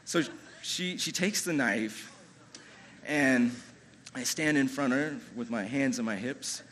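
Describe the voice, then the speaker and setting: A man telling a personal story live on stage, chatty and animated, with lots of "you know" and restarts. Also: medium pitch, a little slow, a little hiss or hum.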